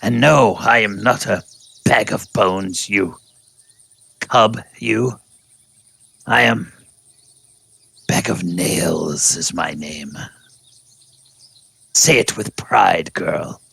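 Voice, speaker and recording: A man's voice: deep voice, extremely slow, vocal fry, long pauses, sharp tone, husky, full character voice. A man voicing a proud old male tabaxi hunter with lofty, formal speech.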